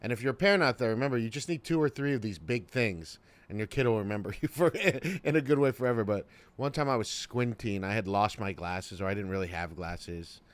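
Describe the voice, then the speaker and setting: A man's voice: fairly low pitch, expressive, brisk. A middle-aged man co-hosting a comedy podcast, telling self-mocking stories in a laid-back, casual way. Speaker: podcast co-host.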